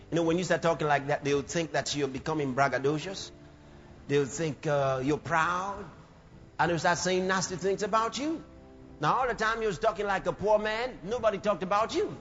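A man preaching a sermon with passion, often shouting lines out and acting out other people's voices. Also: a little high. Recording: lo-fi recording with long hall reverb.

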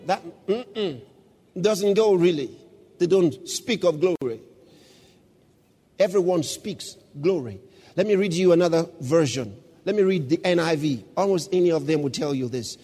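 A man preaching a sermon as pastor, reading scripture slowly and then breaking into shouts of praise. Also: on the high side, lively intonation, slightly rough, big-room sound. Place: church.

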